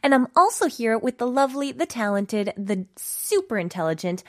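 A woman's voice: fairly high pitch, big pitch swings, normal speed. A young woman co-hosting a radio show in a studio, chatting casually and laughing often as she stumbles over song lyrics.

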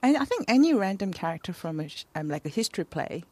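A woman's voice: medium pitch, big pitch swings, fast, a little mellow, no room sound. Chatty woman on a dry studio mic. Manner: chatty, laughs easily. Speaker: literary news contributor. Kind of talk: casual radio chat.

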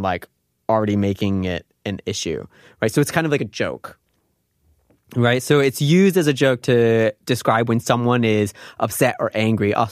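A man explains Korean grammar in a quick, easygoing way, laughing often as he goes. He speaks in a middle pitch, with no room sound around his voice. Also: dry recording, studio quality. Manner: chatty, laughs often, mixes Korean phrases into English. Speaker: Korean language teacher. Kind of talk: casual explanatory lesson.

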